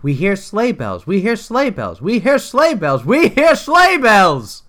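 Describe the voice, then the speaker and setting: A man voicing a cheerful young female echidna girl, chanting louder and higher in a fan story reading. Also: huge pitch swings, slow pace, heavily acted. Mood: excited. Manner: chanting, rising to a shout.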